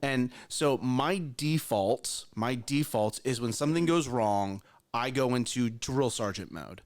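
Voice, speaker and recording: A man's voice: medium pitch, unhurried. A man co-hosting a casual morning show, telling a story about his kids with lots of restarts. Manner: animated storyteller with frequent restarts.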